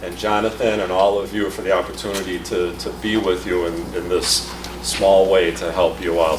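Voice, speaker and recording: A man's voice: sits low, level tone, moderate pace, background noise. A man giving an upbeat, conversational keynote talk to a conference audience. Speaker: keynote speaker. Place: large conference hall. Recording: echoey hall, mic from a distance.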